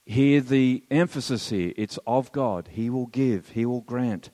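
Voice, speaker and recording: A man's voice: medium pitch, a little slow, warm tone, long reverb tail. A man teaching theology as a sermon, earnest and emphatic, with wry asides to his listeners. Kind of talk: sermon lecture.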